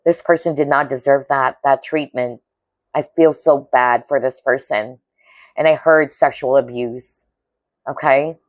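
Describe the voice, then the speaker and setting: This tarot reader speaks in a bass voice with fairly even intonation, unhurried, on a dry recording. Giving a pick-a-card reading, she is earnest, intuitive, and empathic, visibly moved, and keeps asking viewers "okay?"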